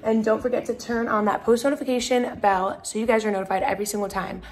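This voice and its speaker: A woman's voice: fairly high pitch, steady tone, fast talker. A woman vlogging casually to her viewers, chatty and slipping into gushing baby talk with a puppy, at home and out on a farm. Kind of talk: casual vlog chat.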